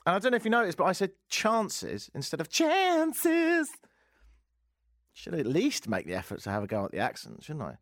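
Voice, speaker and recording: A man hosting a talk radio show, ranting sarcastically with lively asides from a studio microphone. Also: fairly high pitch, fast talker, few pauses, no room sound. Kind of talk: opinionated talk radio monologue.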